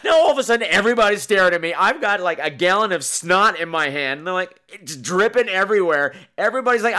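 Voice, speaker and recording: A man hosting a horror podcast, telling stories in a campy, animated, joking way. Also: fast talker, few pauses, clear, resonant tone. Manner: animated, campy, bursts into shrill imitations. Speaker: podcast host. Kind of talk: casual comedic horror movie chat.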